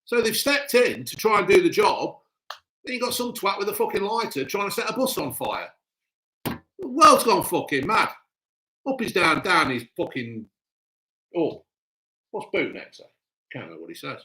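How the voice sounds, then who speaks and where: A man's voice: high-pitched, sing-song, normal speed, long pauses, pushed and bright. A man hosting a live stream, swearing a lot and ranting bluntly in casual chat. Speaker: livestream host.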